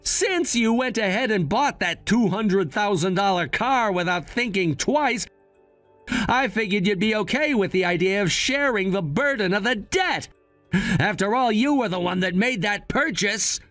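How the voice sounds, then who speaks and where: A man's voice: sits high, lively intonation, unhurried, fairly bright tone, dry recording, soft background music. A man voicing a young adult son who coolly and firmly lectures his mother. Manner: cool, firm, lecturing.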